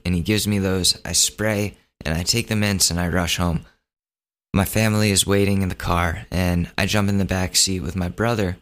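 A man's voice: deep voice, steady tone, normal speed, fairly bright tone. A man hosting a podcast, telling a personal story in a laid-back, joking, chatty way. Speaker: podcast host. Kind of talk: casual storytelling monologue.

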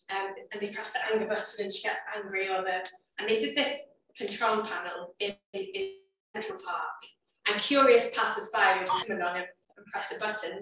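A woman's voice: mid-range voice, pushed and bright, slight background noise. Chatty woman speaking in an echoey hall. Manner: chatty, conversational, with asides and fillers. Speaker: biblical counsellor, guest speaker. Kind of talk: church teaching talk. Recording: echoey hall, far from the mic, dull sound.

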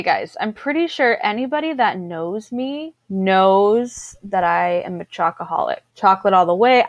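A woman's voice: medium pitch, dry recording. A woman co-hosting a casual chat, bubbly and chatty, laughing often. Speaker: podcast co-host.

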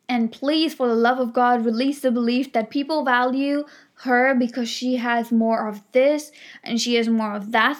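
A woman giving an earnest motivational talk, emphatic and repetitive, full of affirmations and frequent "like" fillers. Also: on the high side. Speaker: self-help speaker. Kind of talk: motivational monologue.

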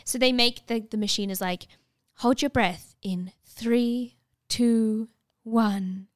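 A young woman telling a story in casual chat, animated and full of fillers, acting out what others said. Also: on the high side, slow pace, no echo, clean studio sound. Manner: animated, many filler "like"s, acts out dialogue.

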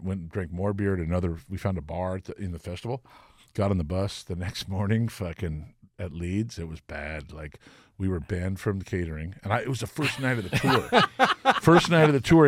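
Give me a middle-aged man as a guest musician, telling rowdy, profane stories in a low, dry voice. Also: dry recording. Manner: profane, animated, acts out quoted voices. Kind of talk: casual storytelling.

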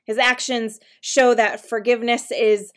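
A woman pastor delivering a sermon in a gentle, conversational way, slowing down to stress key phrases. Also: on the high side, little pitch movement. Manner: gentle, conversational preaching with slow emphatic pauses.

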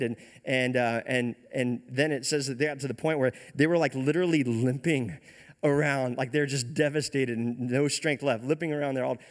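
Male pastor, animated slangy storyteller, mid pitch, long hall reverb. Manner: animated, slangy, enthusiastic, repeats words. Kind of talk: lively storytelling sermon.

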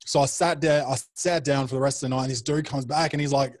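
A man's voice: mid-range voice, steady tone, fast talker. A young man, a comedian guest, telling rambling anecdotes and swearing freely in casual chat.

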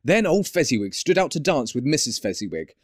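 Expressive male audiobook narrator. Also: mid-range voice, fairly quick, dry recording, studio quality. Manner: animated, expressive storytelling. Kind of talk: scripted narration.

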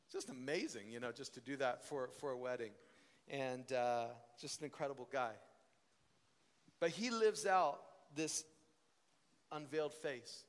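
A young man teaching at a ministry school, telling stories in an animated preaching style. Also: mid-range voice, a little slow, long pauses. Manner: animated storytelling, voice rising and falling with emotion. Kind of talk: sermon. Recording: long hall reverb.

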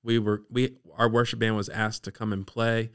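A man from Maryland's Eastern Shore, a podcast guest telling his personal faith story in a lively, animated way. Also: on the low side, moderate pace, smooth. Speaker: guest sharing his testimony.

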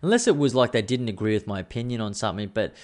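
A man's voice: on the low side, lively intonation, racing, darkish tone. A man, hosting a casual solo podcast, chatty and rambling, swearing freely. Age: 30s. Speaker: podcast host.

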